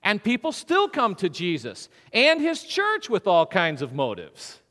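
A male pastor delivers a sermon in a high, expressive voice that rises and falls freely. He keeps asking the congregation questions and slips into quick acted-out quotes. The sound carries the long reverb of a church sanctuary. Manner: animated preaching with acted-out quotes and rhetorical questions.

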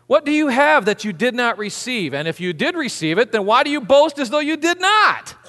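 Male pastor, lively high-pitched sermon delivery, church hall with long reverb. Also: a little fast. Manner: animated, acts out biblical figures with humor.

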